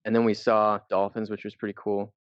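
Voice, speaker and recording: A man's voice: fairly low pitch, completely flat delivery, brisk, clear, resonant tone, no room sound. Rambling man on a dry podcast mic. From United States. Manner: rambling, loose, swears casually. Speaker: podcast co-host. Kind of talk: casual chat, storytelling. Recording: dull, dry lo-fi podcast audio.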